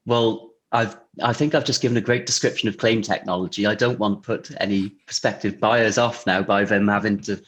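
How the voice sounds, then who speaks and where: Man, lowish voice, easygoing guest answering questions with frequent fillers. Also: brisk, few pauses. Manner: relaxed, chatty, many fillers and restarts, laughs easily. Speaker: guest, insurance technology vendor. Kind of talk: casual interview answers.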